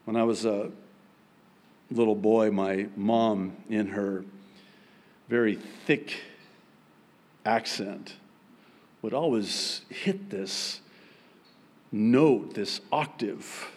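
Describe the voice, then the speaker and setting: A man preaching a sermon as pastor, with emphatic, raised high-pitched points broken by quiet, joking asides. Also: drawn-out words, long pauses. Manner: humorous, self-deprecating asides.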